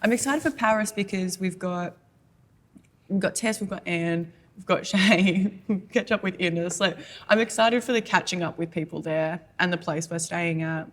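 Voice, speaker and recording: A woman with an Australian accent chats as a podcast co-host, her voice a little husky. She talks in a bubbly, rambling way, easily excited. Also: fairly low pitch, normal speed. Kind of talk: casual chat.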